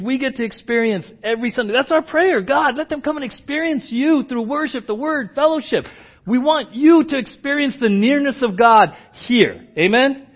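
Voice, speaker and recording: A man with a high-pitched voice preaches a sermon, dropping to a hushed, prayerful murmur and then climbing into loud, emphatic delivery. The recording is dull and lo-fi. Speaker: pastor. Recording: dull lo-fi church audio.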